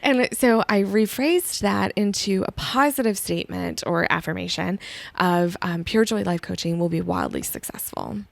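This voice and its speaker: A woman's voice: lowish voice, moderate pace, creaky, dry recording. A woman life coach talking with a podcast host in a chatty, easygoing way, often filling with um and like. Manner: chatty, says um and like a lot. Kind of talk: casual podcast conversation.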